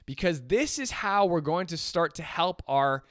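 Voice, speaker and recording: A man teaching jazz piano in a relaxed, chatty way, counting beats aloud as he plays. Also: on the high side, measured pace, no room sound, studio quality. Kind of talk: casual instructional talk. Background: piano playing and metronome clicks.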